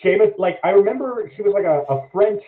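A man telling a story as a podcast guest in casual chat, animated and swearing freely. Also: high voice, fast talker. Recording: echoey, phone-like lo-fi audio.

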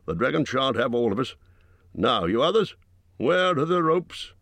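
A man's voice: mid-range voice, sing-song, normal speed, fairly bright tone, no echo, pitched above the performer's own voice. A man voicing a dignified male dwarf leader who gives firm, commanding orders.

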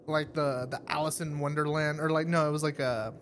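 A man's voice: on the high side, little pitch movement, brisk, fairly bright tone, slight background noise. A young man co-hosting a casual podcast, laid-back and sarcastic, swearing casually. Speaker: podcast co-host. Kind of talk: casual chat. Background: military jets overhead.

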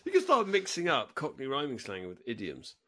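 Lively, expressive man. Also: medium pitch, a little fast. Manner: enthusiastic storyteller, acts out little quotes. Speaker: podcast co-host. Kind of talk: casual chat.

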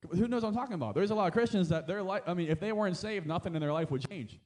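A man's voice: high-pitched, animated, rapid-fire, darkish tone. A man preaching a sermon as a pastor, talking in a conversational way with frequent amens and asides, and rising to emphatic exhortation.

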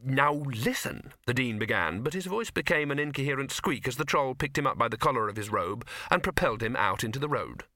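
A man with a mid-range voice narrates a comic fantasy novel as an audiobook, speaking fast with hardly any pauses. His scripted reading is lively, and he gives each of the many characters a voice. The studio-quality recording has no room sound.

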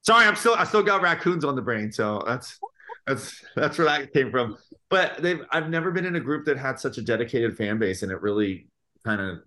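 A man guesting on a podcast, talking casually and animatedly about life in a band. His voice sits at a middle pitch. His stories run on with lots of fillers. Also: moderate pace. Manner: animated storytelling, full of fillers. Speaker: guest musician.

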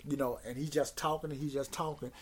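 A man with a husky, mid-pitched voice talks through a casual rant on his own podcast. He rambles and repeats words, sounding exasperated as he goes. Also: steady tone, fast. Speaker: podcast host.

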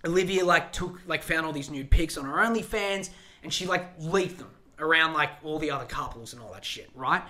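A man's voice: fairly high pitch, fairly quick. A young man hosting a podcast, ranting in a casual, rambling way with lots of swearing and restarts. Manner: rambling, profane, animated, self-interrupting. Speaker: podcast host.

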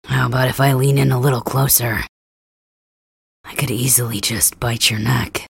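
A man playing a gravelly, gruff cat-boy. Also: mid-range voice, little pitch movement, fast talker, dry recording, studio quality. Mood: gruff teasing. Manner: grumbling, teasing, blunt. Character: gruff teasing young male cat hybrid. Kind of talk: ASMR role-play.

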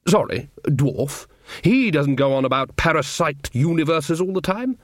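A man voicing a blustering older male wizard chief who stammers and raises his pitch in an audiobook. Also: lively intonation, measured pace, no echo, studio quality. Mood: bluff.

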